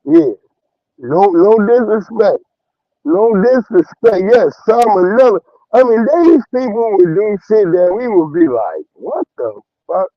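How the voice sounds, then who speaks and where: A man's voice: sits high, measured pace, no room sound, highs cut off. A man hosting a livestream, giving loose, profane commentary with bursts of laughter. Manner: animated, profane, laughing storyteller. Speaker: livestream host. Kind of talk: casual commentary.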